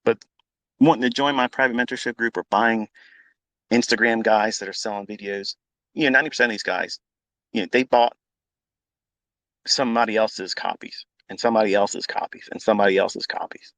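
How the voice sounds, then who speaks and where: A man's voice: fairly low pitch, brisk, pauses often, fairly bright tone, dry recording. Blunt, profane male trading mentor. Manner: blunt, profane, combative, repeats himself for emphasis. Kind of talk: live audio-room monologue.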